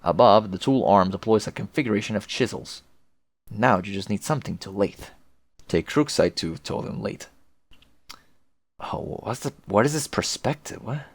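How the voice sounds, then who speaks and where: A man's voice: fairly low pitch, vocal fry, dry recording. A man reading a webcomic aloud with casual, profane, chatty commentary. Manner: chatty, profane, laughs often. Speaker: webcomic reader, video host.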